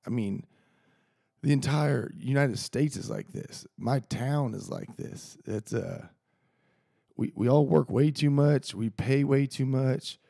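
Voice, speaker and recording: A man rants through a casual solo podcast, rambling, heated and swearing constantly. His voice is gravelly with a dark, husky edge, close and dry on the mic. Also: mid-range voice, slow pace, no echo. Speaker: podcast host.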